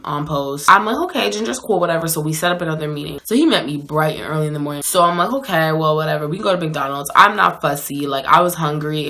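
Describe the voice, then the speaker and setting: A woman with a low but bright, forward voice tells a dating story straight to camera. She talks loosely and casually, full of slang and "like", in a chatty storytime style. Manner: chatty, slangy, lots of "like" and "so anyways". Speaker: vlogger telling a dating story.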